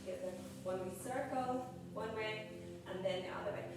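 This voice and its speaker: A woman's voice: medium pitch, moderate pace. Woman yoga teacher in an echoey room. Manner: encouraging, cueing breaths and poses. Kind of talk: guiding a live group class. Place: group exercise studio. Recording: echoey room, voice far from mic, background noise.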